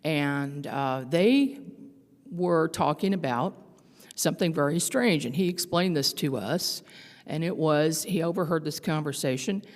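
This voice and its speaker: A woman's voice: deep voice, a little slow, a little mellow. An older woman giving a conference talk, telling stories in a conversational way with fillers and restarts. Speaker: conference speaker. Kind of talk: storytelling talk. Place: large conference hall. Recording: long hall reverb.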